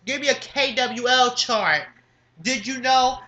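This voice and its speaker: Woman, high voice, bright and sharp, sassy profane rant, emphatic, vlog to camera. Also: unhurried, dull audio. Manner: sassy, swearing, emphatic, repeats "understand?". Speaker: vlogger.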